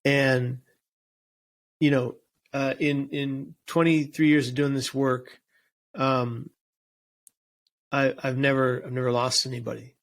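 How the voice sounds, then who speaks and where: A man's voice: mid-range voice, flat delivery, takes it slowly, pauses often. A man speaking as an interview guest and suicide prevention speaker, earnest and emphatic, often restarting and repeating words. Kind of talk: casual interview chat.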